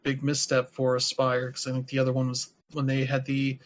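A man's voice: mid-range voice, monotone, a little fast. A man hosting a podcast, talking casually and rambling with lots of filler words. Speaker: podcast host. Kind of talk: casual chat.

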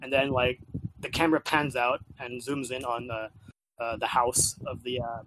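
A man chats casually about a video game he has been playing. He rambles, using lots of filler words and repeating himself as he restarts sentences. His voice sits at a middle pitch, and there is a faint hiss in the background. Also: flat delivery, normal speed, fairly bright tone, low-quality recording. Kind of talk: casual chat.

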